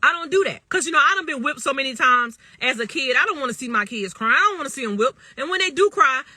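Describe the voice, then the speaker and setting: A woman's voice: sits high, animated, fast talker, bright, forceful tone, dry recording, clean studio sound. Emphatic woman on a phone livestream. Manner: emphatic and repetitive, often asks "you know what I'm saying". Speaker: livestream host talking to viewers. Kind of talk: casual livestream monologue.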